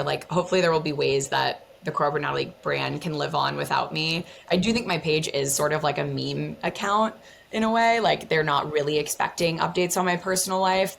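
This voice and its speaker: A young woman chats as an interview guest, her speech loose and full of fillers. Her voice sits very low with a heavy gravelly fry, and a faint hiss runs underneath. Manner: chatty, lots of "like" and fillers. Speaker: guest, content creator. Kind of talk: casual interview talk.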